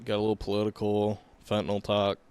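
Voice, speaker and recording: A man's voice: on the low side, completely flat delivery, quick pace, darkish tone, clean tone. A man co-hosting a podcast in casual chat, laid-back and laughing along often. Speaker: podcast co-host.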